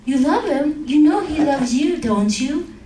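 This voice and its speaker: A woman pastor voicing a gentle male security guard who calmly coaxes a crying woman. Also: high voice, a little slow, noisy background. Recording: echoey room, distant mic.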